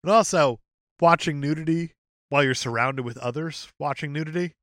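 A man's voice: on the high side, brisk, fairly bright tone, dry recording, studio quality. A man co-hosting a movie podcast in casual chat, joking and reading reviews aloud. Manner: joking, reads out reviews with laughs. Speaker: podcast co-host.

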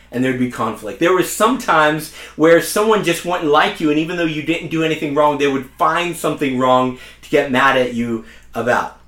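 A young man delivers a sermon in an earnest, conversational way, weaving in personal stories. His voice sits a little high. The sound is roomy and echoey, like a church hall. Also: a bit bright. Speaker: pastor. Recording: echoey room.

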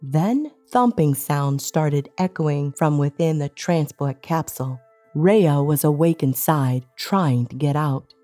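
A woman's voice: low-pitched, slow, dark tone, faint music behind. A woman narrating a tense first-person action story in a dramatic, scripted audiobook reading.

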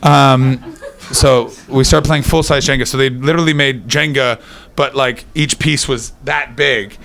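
A man's voice: medium pitch, steady tone, a little slow, creaky, a bit bright. A man telling loose, swearing comedy stories and working the crowd before a live audience. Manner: loose storytelling, crowd work, frequent swearing. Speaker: stand-up comedian and podcast host.

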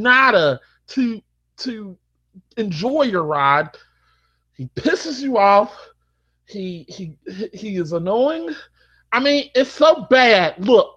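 Man, bright sharp voice, lively pitch, comedic ranting, repetitive, yells, lo-fi mic. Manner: exaggerated, ranting, repetitive, bursts into yelling. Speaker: panel contestant. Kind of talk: comedic rant.

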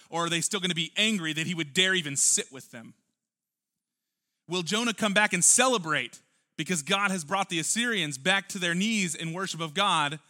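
A man's voice: a little high, pushed and bright. A man preaching a church sermon, earnest and emphatic, full of rhetorical questions. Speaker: pastor.

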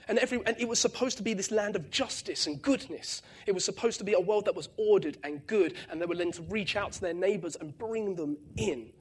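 A man preaching a conversational sermon, often checking in with "right?" and restarting his words, with lively bursts of emphasis. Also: high voice, fairly quick, hardly any pauses, breathy edge.

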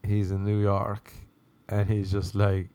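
A man's voice: on the low side, monotone, takes it slowly, mellow. Laughing, profane young man. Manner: laughing, profane, rambling storyteller. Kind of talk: casual anecdote.

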